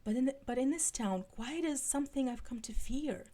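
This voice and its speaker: A woman's voice: high-pitched, expressive, normal speed, warm tone, pitched above the performer's own voice. A woman reading aloud voices a wry, restless teenage girl vampire slayer.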